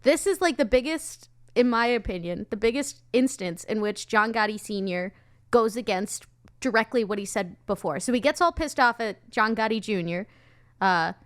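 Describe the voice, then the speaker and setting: A woman co-hosting a casual podcast chat, talking in an animated way and acting out quoted movie lines as she retells scenes. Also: on the high side, normal speed. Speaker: podcast co-host.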